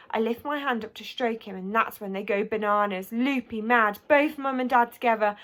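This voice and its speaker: A woman's voice: a little high, unhurried, bright, forceful tone. A woman reading a children's book aloud, narrating expressively in the first person. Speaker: audiobook reader.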